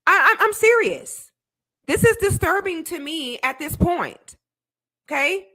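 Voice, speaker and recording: A woman's voice: very high-pitched, lively intonation, measured pace, pushed and bright. A young woman giving heated, indignant commentary on a video as a debate panelist, emphatic and repetitive. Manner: indignant, emphatic, repeats herself. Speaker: debate panelist reacting to a clip.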